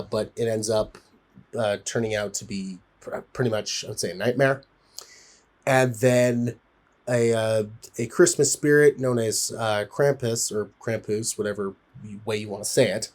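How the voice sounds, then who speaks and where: A man's voice: medium pitch, darkish tone. A man giving a casual spoken film review, rambling with frequent fillers and restarts.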